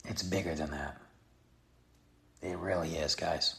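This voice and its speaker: A man's voice: extremely low pitch, fairly even intonation, unhurried, creaky, pushed and bright. A man giving a blunt, exasperated opinion rant straight to his viewers. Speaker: vlogger. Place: Texas.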